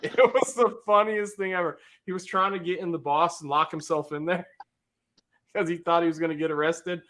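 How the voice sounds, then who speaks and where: A man's voice: a little high, steady tone, moderate pace, very noisy. A man in his thirties hosting a casual livestream, telling a rambling story, laughing often and greeting viewers in the chat. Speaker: livestream host.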